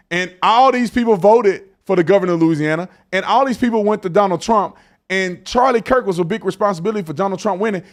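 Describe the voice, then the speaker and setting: Guy running his own commentary show, slangy and emphatic, gets worked up. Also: high voice. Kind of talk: casual commentary.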